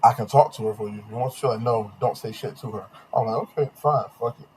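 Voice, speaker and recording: A man's voice: lowish voice, fast. Young guy on a podcast spilling a dating story, lots of slang, does everyone's voices, faint hiss behind. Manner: slangy, animated retelling with quoted voices. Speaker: podcast host. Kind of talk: casual storytelling chat.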